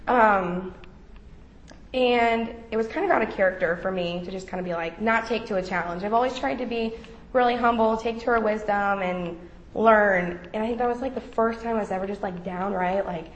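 With a roomy echo and dull sound, this clip captures a young woman recounting her personal faith journey to a group. She talks casually at a moderate pace in a mid-range voice, using plenty of fillers.

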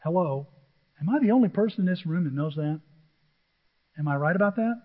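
A male pastor with a fairly high voice preaches with emphasis and throws rhetorical questions at his listeners. The sound is muffled and lo-fi, and a long echo trails each phrase through the church. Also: animated, brisk. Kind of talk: sermon. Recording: dull echoey church recording.

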